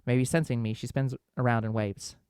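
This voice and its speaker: A man's voice: mid-range voice, clean tone, no room sound, studio quality. A man hosting a let's play, reading a visual novel's narration aloud with small slips. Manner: quick, steady storybook reading with small slips.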